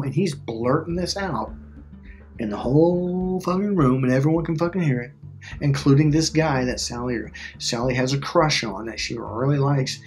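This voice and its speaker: A man's voice: medium pitch, normal speed, a little mellow, faint music behind. A middle-aged man talking casually as a relationship coach, emphatic and repetitive, swearing freely. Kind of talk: casual talk to camera.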